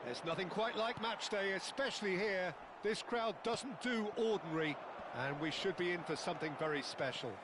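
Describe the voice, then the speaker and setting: A man doing play-by-play football commentary, flowery and dramatic, erupting with excitement at big moments. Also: high-pitched, normal speed. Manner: flowery, dramatic, bursts into loud excitement at goals. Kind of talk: sports commentary from a video game. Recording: loud background noise.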